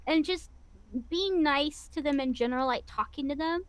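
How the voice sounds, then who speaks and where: A woman with a Missouri accent, chatting as a guest in an interview in an animated, rambling way. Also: sits high, moderate pace. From US Midwest. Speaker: guest VTuber. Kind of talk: casual interview chat.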